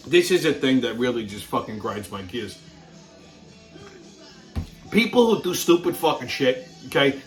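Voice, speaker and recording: Brash foul-mouthed man, high bright voice. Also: rough recording. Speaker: host. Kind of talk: profane comedic rant.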